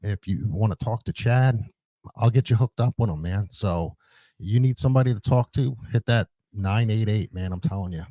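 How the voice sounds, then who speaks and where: A man hosting a casual podcast interview, talking in a warm, affectionate, brotherly way. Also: lowish voice, moderate pace, no echo. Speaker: podcast host.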